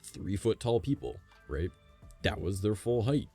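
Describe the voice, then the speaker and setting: Rambling, cussing deep-voiced streamer man. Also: very animated, unhurried, gravelly, mellow, slightly rough, soft background music. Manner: rambling, swears a lot, speculative. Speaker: livestreamer. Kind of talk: casual chat with stream chat. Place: at home, by his desk.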